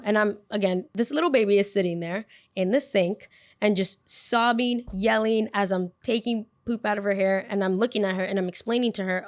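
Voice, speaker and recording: A young woman hosting a podcast tells a story in a relaxed, conversational way. She is animated and repeats phrases for emphasis, in a voice of middling pitch. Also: brisk, dry recording, clean studio sound. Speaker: podcast host. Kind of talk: casual storytelling.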